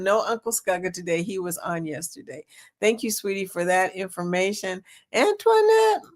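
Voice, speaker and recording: A woman hosting a casual live chat, reading comments aloud and laughing often. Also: mid-range voice. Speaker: livestream host.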